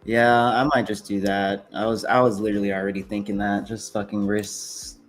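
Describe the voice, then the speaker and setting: Low-voiced young man hosting a trading stream. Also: flat delivery, normal speed, faint music behind. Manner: laid-back, laughs easily, swears casually. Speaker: livestream host. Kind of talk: casual livestream chat.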